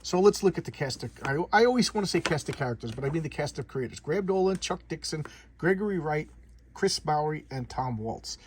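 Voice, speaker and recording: A man's voice: a little high, expressive, brisk, background noise. A man doing a casual comic book showcase, rambling and often repeating and restarting words.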